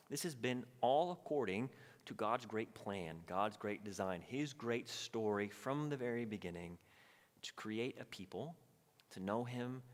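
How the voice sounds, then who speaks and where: Man teaching in a reverberant church hall. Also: on the low side. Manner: animated storytelling, acting out voices. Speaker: pastor. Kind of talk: Bible study teaching.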